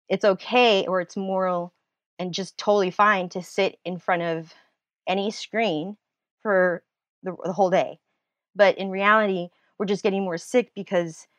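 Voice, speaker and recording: A woman speaking as a guest in a casual interview, a nurse and writer who talks in an animated, rambling way with frequent laughter and restarts. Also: fairly low pitch, no room sound.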